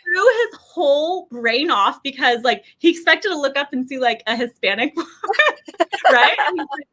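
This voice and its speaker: A woman in her thirties, a language course founder, telling animated stories in a casual interview, acting out quotes and laughing often. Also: high voice, normal speed.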